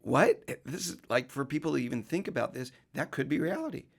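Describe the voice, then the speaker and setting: A man's voice: medium pitch, lively intonation, a little fast, creaky, breathy edge. A man talking on a casual podcast as a mortgage professional guest, explaining things emphatically in long runs.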